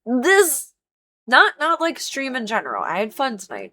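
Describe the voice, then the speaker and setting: A woman's voice: high-pitched, huge pitch swings, measured pace, sharp tone, slight background noise, rough recording. A woman livestreaming a video game, chatting casually with dramatic, mock-emotional complaints and a lot of swearing. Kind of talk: casual gaming commentary.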